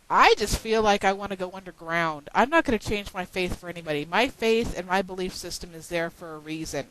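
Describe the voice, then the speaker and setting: A woman's voice: mid-range voice, a bit bright, no room sound, low-quality recording. Exasperated woman ranting to a webcam. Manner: exasperated, swearing, sarcastic. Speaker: video blogger. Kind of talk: frustrated webcam rant.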